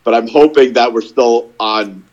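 A man's voice: medium pitch, normal speed, a little mellow, highs cut off. A young man co-hosting a casual podcast, telling stories in a rambling way with lots of filler words. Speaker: podcast co-host. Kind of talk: casual chat.

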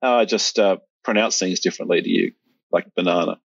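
A middle-aged man with an Australian accent talks in a relaxed, rambling way, restarting sentences often. His voice sits very low and sounds husky. The recording is dry and lo-fi. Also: moderate pace, dry recording. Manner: rambling, many restarts and fillers. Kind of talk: casual conversation. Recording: dull, lo-fi sound.

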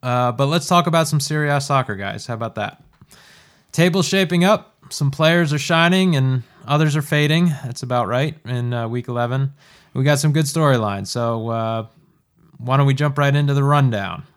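A man hosts a podcast in a loose, chatty way. He fills pauses with "uh" and "um" and laughs easily along with his co-hosts. His voice sits at an ordinary middle pitch. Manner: easygoing, laughs often, many fillers. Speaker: podcast host. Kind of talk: casual chat.

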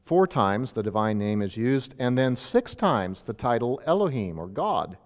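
A man's voice: mid-range voice, sing-song, unhurried, big-room sound. A male pastor teaching an expository sermon in a teacherly way, with emphatic bursts on key points.

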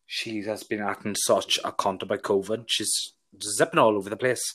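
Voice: deep voice, fairly even intonation, normal speed, a bit bright, slightly rough. A co-host with a Fermanagh accent, chatting casually with dry, teasing humour. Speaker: podcast co-host. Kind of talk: casual chat.

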